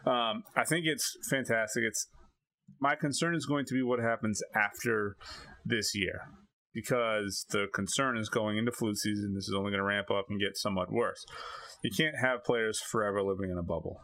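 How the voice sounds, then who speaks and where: A man from Maine co-hosting a podcast, talking in an opinionated, animated way with many restarts. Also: on the low side, normal speed, no echo. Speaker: podcast co-host. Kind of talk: casual chat.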